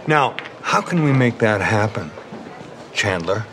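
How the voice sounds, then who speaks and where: A stern menacing detective dad. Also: male voice, lowish voice, big pitch swings. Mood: threatening. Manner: slow, deliberate, intimidating. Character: stern police detective father, middle-aged, menacing. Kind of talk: TV drama acting. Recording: TV clip with background noise.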